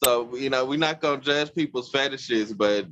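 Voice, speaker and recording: A man's voice: medium pitch, moderate pace, a bit bright, no echo. A man chiming in on a casual talk show with wry, laid-back remarks. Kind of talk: casual chat. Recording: dull lo-fi sound.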